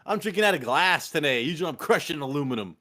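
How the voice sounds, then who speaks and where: A man's voice: on the high side, lively intonation, quick pace, bright, forceful tone. A young man with a Californian accent, hosting a casual fantasy football show with loose, profane, laughing banter. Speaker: podcast host.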